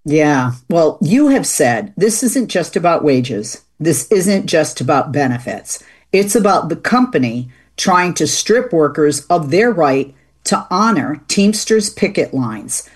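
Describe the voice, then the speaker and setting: A woman's voice: low-pitched, very animated, slow pace, breathy edge. A woman hosting a talk radio show, chatting with a guest in a loose way full of fillers and restarts. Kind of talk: casual talk show interview.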